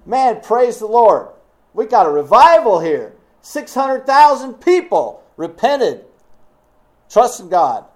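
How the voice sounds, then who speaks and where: A man's voice: mid-range voice, fairly even intonation, normal speed, mellow, lightly acted. A man preaching voices a resentful male prophet in a mocking, exaggerated way. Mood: mock elation.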